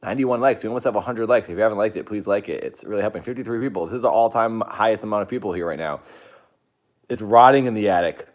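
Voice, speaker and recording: A man hosting a casual live stream, rambling to his chat with sudden excited outbursts. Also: fairly low pitch, racing, hardly any pauses.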